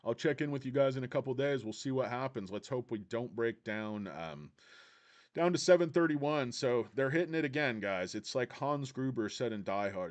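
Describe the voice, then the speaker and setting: A man rambling on his own stock channel, joking at his own expense with a sarcastic edge. His pitch swings up and down a lot, and he keeps a mid-range voice. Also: expressive, normal speed. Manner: jokey, self-mocking, sarcastic. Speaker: stock vlog host. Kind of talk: casual rambling chat.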